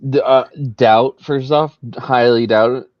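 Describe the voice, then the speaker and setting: A man's voice: medium pitch, steady tone, unhurried. A laid-back man giving short, easy replies on a casual podcast. His audio is dull and lo-fi, as if coming over a weaker call connection. The sound is dry, with no room echo. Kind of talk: casual chat.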